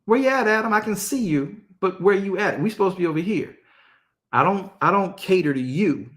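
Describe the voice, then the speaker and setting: A preacher putting on an insistent, questioning God. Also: male voice, high-pitched, animated, a little fast, fairly bright tone, pitched above the performer's own voice. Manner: urgent street-slang questioning. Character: God calling out to Adam, male, insistent.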